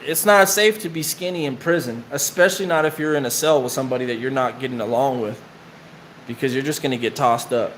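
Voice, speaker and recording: A man's voice: medium pitch, fairly quick, a bit bright, slight background noise. A man casually telling rambling, profane prison stories in slang while his friend draws on him. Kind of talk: casual storytelling while getting tattooed.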